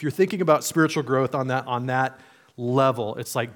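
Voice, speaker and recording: A man's voice: medium pitch, a little fast. A man preaching a sermon in a conversational, playful way, acting out imagined voices. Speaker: pastor.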